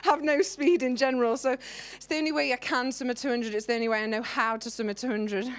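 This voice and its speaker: A woman giving a bubbly, quick post-race interview as a swimmer at the pool. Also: a little high, fairly bright tone.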